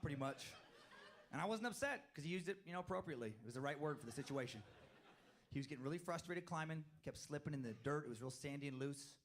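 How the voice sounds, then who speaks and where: A man performing stand-up comedy, telling family stories in an animated way with laughing asides and quick act-outs. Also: mid-range voice.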